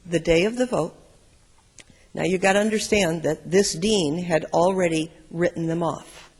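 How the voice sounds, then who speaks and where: A middle-aged man preaches a sermon, storytelling and shifting between loud bursts and quiet moments. His voice sits fairly high for a man. A long reverb from the large sanctuary follows each phrase. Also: measured pace, husky. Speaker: pastor.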